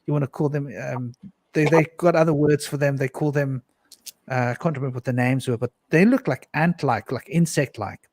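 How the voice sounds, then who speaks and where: A man's voice: medium pitch, brisk, darkish tone, no echo. A man on a discussion panel, earnestly recounting a personal mystical experience, with frequent restarts and repeated words. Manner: earnest, intense storytelling with frequent restarts and repetitions.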